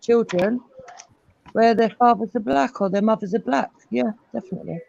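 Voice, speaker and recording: English guy, measured and thoughtful, high voice, muffled call audio. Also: gravelly, a little mellow. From England. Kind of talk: casual group chat.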